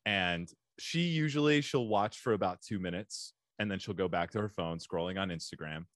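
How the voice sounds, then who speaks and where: A man's voice: low voice, normal speed, dry recording, clean studio sound. A middle-aged man hosting a podcast, chatting with a guest as an enthusiastic fan who laughs often. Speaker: podcast host. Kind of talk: casual interview chat.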